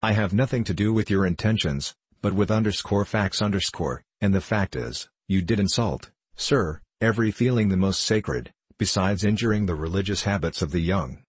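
A stern, pompous old minister lectures in formal, indignant sentences, as a man reads him. The voice is deep and husky and sits dry and close. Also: normal speed, hardly any pauses, no room sound.

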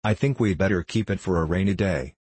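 A man reading the part of a cheerful, clever Edwardian father in a hearty, brisk way. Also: deep voice, a little mellow, slightly rough, no echo.

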